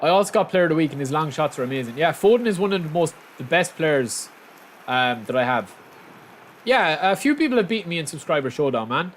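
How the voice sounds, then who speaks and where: A young man streams a football video game, chatting loosely with his viewers in a slightly high voice. His talk drifts between the match and small talk, then jumps into excited shouts when a goal goes in. A faint hum of background noise runs under his desk-mic audio. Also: brisk. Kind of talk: casual live-stream commentary while playing.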